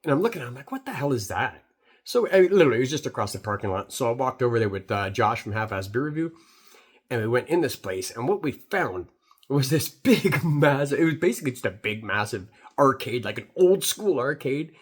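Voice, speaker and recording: A man's voice: medium pitch, big pitch swings, brisk, breathy edge. A middle-aged Canadian man who reviews beer, recapping a trip in a rambling, swearing, filler-heavy story.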